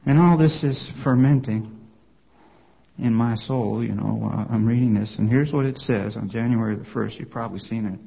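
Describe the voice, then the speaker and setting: A man's voice: medium pitch, moderate pace, creaky, slightly rough, muffled recording. A man, a former congregation elder, telling his personal testimony to an audience in a conversational storytelling way, full of "you know" and "okay?" asides.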